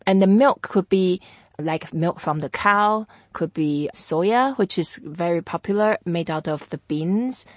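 A woman teaching a language in a patient, explanatory way, repeating words slowly for the listener to practise. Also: fairly low pitch, dry recording, highs cut off. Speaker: Mandarin teacher. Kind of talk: language lesson chat.

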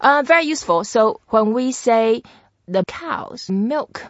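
A woman teaching a language in a patient, explanatory way, repeating words slowly for the listener to practise. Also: a little high, animated, no room sound, lo-fi sound. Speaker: Mandarin teacher. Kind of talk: language lesson chat.

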